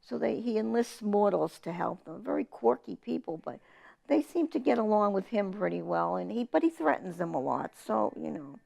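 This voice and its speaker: Gravelly-voiced woman. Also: mid-range voice, normal speed. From Massachusetts. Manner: animated storyteller, quotes family in lively voices. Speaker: author guest. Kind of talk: casual interview chat.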